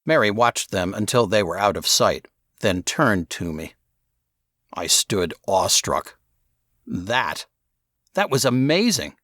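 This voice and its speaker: A man narrating a novel in first person, in a measured storytelling manner on a close studio mic. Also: low-pitched, fairly bright tone, no echo. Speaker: audiobook narrator.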